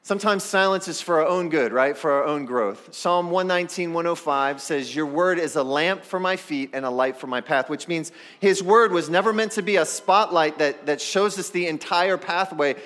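A man's voice: a little high, moderate pace, hardly any pauses, fairly bright tone. A man preaching a sermon as pastor, talking straight to the congregation in a conversational way. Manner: acts out the people in the story.

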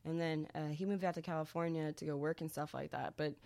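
A young woman from Houston tells stories in a quick, rambling rush, piling on fillers and lively quoted asides with casual swearing. Her voice sits a bit low, and the recording is dry and close. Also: gravelly, no echo. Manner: rambling, lots of fillers, animated quoting, swears. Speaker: interviewee, musician in a band. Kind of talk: casual chatty interview.

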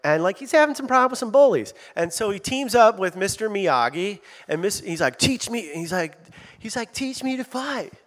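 Lively conversational male pastor, fairly high voice. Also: a little fast. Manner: lively, conversational preaching with asides to the congregation. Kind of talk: sermon.

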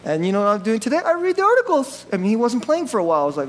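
A male pastor delivers a sermon in a high, bright-sounding voice. He jokes with the congregation, laughs easily and moves from excited outbursts to soft, low asides. A faint hum sits under the recording. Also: quick pace, long pauses, poor audio. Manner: animated and jokey, laughs often, swings from loud bursts to quiet asides.

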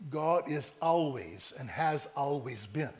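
A man preaching a sermon, telling stories and acting out both sides of conversations with lively energy. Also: mid-range voice, slow.

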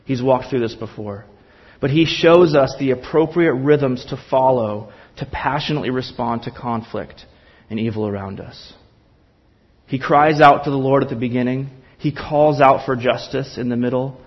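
A man preaches a sermon with earnest, impassioned drive and builds his points through emphatic repetition. His voice sits at a middle pitch, and the recording sounds slightly dull. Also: normal speed, husky. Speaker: pastor.

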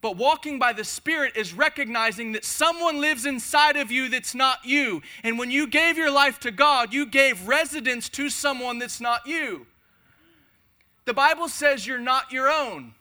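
Preaching to a congregation in a church hall, this man uses emphatic, repeated phrases in a fervent sermon. He is a pastor with a very high-pitched, bright voice that sounds forceful yet unhurried.

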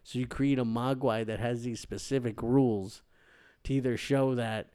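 A man's voice: medium pitch, steady tone, normal speed, warm tone, clear, resonant tone. A man co-hosting a podcast in casual movie chat, loose and laughing often, swearing casually. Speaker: podcast co-host.

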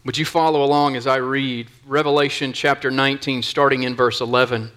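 A man's voice: medium pitch, flat delivery, a little fast, a bit bright, clear, resonant tone. A man, a pastor preaching a sermon in a church in an earnest, conversational way. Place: church sanctuary.

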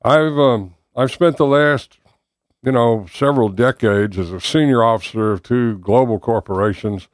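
Southern-accented man, measured. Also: medium pitch, dry recording, clean studio sound. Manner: measured, hesitant with fillers. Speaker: political candidate. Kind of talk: interview answers.

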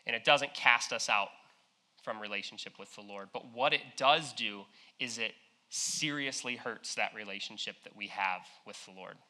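A man's voice: on the low side, moderate pace, pushed and bright. A young man preaching a sermon in a casual, conversational way, retelling a parable with slang and acted-out quotes.

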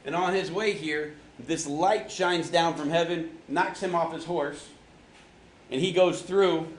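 A man's voice: fairly high pitch, a little hiss or hum. A man teaching a casual Bible lesson to a group, joking and quizzing his listeners in a slangy way. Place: large room with an audience. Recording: echoey hall with faint ambience.

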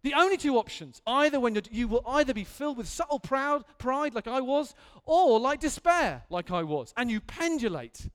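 A man's voice: very high voice, animated, normal speed, hardly any pauses, fairly bright tone, smooth. A man preaching an earnest, candid sermon in a church hall, building to emphatic intensity.

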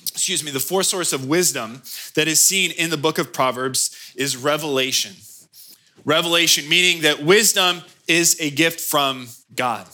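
Bright-voiced male pastor preaching. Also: fairly high pitch. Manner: animated storytelling with acted-out quotes. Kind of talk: sermon.

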